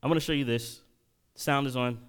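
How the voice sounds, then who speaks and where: A male preacher giving a sermon-style lecture, often restarting his phrases and building to loud, emphatic bursts. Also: mid-range voice, fairly even intonation, a little fast, smooth. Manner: repeats and restarts while reading quotes aloud.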